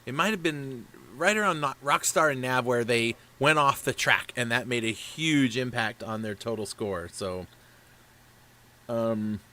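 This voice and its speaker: A man's voice: medium pitch, unhurried, pushed and bright. A man hosting a casual live stream for a racing league, talking in a chatty, rambling way. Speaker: league race broadcaster.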